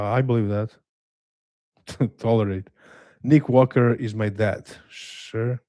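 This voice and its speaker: A man with a Slavic accent hosting a live watch-along stream, reading chat aloud and answering in a relaxed, hesitant, self-deprecating way with dry humor. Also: mid-range voice, no room sound. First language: a Slavic language. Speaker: livestream host reading chat.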